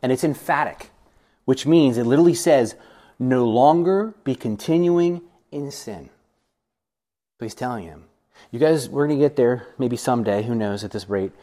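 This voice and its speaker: A man leading a Bible study, reading verses and explaining them in an animated, lively way, acting out voices and laughing often. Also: medium pitch, a little fast.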